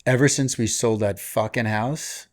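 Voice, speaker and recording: A man's voice: mid-range voice, measured pace. Joking, swearing male podcast co-host. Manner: swearing, joking, bro banter. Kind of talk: casual chat.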